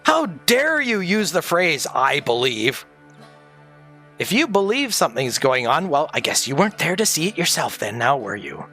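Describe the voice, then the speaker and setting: A man rambles in a casual livestream monologue, conspiratorial and profane. His voice sits a little high for a man, with faint music in the background. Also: sing-song, moderate pace, few pauses, pushed and bright.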